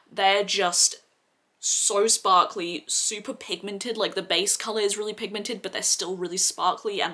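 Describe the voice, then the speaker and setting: A woman, reviewing makeup in a casual, gushing vlog, sounding slightly hoarse and filling her talk with "like". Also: mid-range voice, bright, forceful tone. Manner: gushing, chatty, heavy use of "like" as filler. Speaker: beauty vlogger. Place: seated at home.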